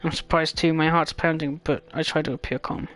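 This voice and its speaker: A man streaming a story game and reading its lines aloud in a fairly high voice. He trips over words and restarts, throwing in quick jokes between the dialogue. Quiet game music plays in the background. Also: flat delivery. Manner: stumbling over words, joking asides.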